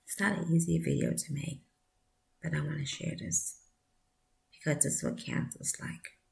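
Woman vlogging a heartfelt story, real croaky fry in her voice, earnest and encouraging. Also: low voice, fairly even intonation, normal speed. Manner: soft, often drops to a breathy near-whisper; earnest, encouraging appeals to the listener. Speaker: vlogger sharing a personal story. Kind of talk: heartfelt personal testimony.

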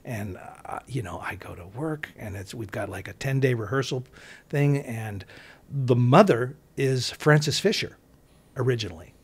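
A man's voice: mid-range voice, unhurried, slightly rough. A man, an actor guest in an interview, telling a story in a casual, rambling way with many restarts and asides.

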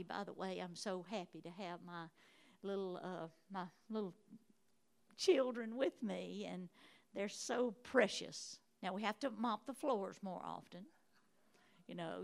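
A woman's voice: medium pitch, creaky. A woman preaching a sermon in a church, emphatic and repeating her phrases. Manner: emphatic, repeating phrases, rising to shouts of praise.

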